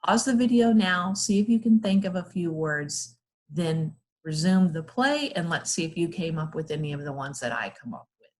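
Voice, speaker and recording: A woman teaching a phonics lesson to young children, sounding out letters and words slowly and praising often. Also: lowish voice, lively intonation.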